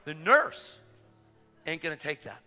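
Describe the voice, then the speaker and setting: Excitable high-voiced preacher in a big hall. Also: male voice, a little slow, music in the background. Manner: excitable, acts out dialogue, rising to shouts. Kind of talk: sermon storytelling. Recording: long reverb of a large hall.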